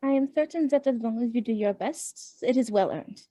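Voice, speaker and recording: A gracious, formal adventurer, played by a woman speaks with measured calm. The voice is mellow, dry and close. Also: a little high, no echo, natural voice.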